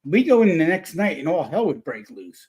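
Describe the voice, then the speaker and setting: A man telling a story in a casual chat, rambling and animated, full of restarts. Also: on the high side, moderate pace. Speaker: paranormal investigator guest.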